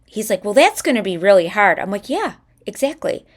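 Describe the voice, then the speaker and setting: Mom co-host telling a lively story. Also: female voice, medium pitch, fairly quick. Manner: animated storytelling, acting out her son's lines. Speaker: podcast co-host. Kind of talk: casual chat.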